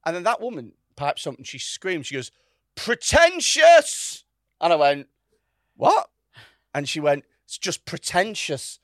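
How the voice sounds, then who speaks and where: A man's voice: fairly high pitch, brisk, few pauses, dry recording, studio quality. A man on a podcast, telling a story in casual chat. He swears a lot and acts out the other people's lines. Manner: animated, swears often, acts out quotes. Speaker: podcast host.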